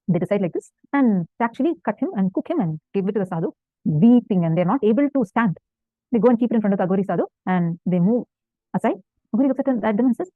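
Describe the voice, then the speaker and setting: A woman's voice: medium pitch, lively intonation, fast, no room sound. A woman spiritual teacher telling a devotional story in a sermon, earnest and fervent, repeating points for emphasis. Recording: tinny phone-like dry sound.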